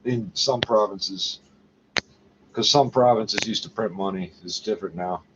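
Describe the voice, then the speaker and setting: A man's voice: lowish voice, unhurried, dull audio, very noisy. A man rambling profanely to camera in a casual monologue, muttering asides and tagging lines with "eh?". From Canada. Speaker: vlogger.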